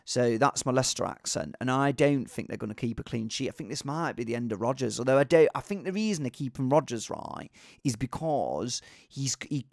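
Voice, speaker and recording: Animated, gravelly Englishman chatting. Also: mid-range voice, dry recording, studio quality. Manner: animated, rambling, with restarts and asides. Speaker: fantasy football vlogger. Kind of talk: casual solo chat.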